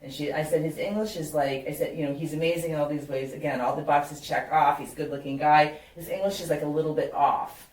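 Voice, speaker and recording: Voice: medium pitch, steady tone, fast talker, few pauses, a little mellow. A matchmaker hosting an interview, talking casually with lots of "you know" and retelling stories about clients. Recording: roomy sound, distant from the mic.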